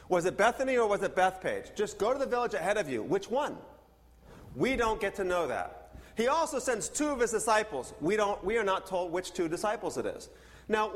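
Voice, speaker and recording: High-voiced pastor guy telling stories in his sermon, big echoey room. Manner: animated storyteller, acts out dialogue. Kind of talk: sermon with personal storytelling.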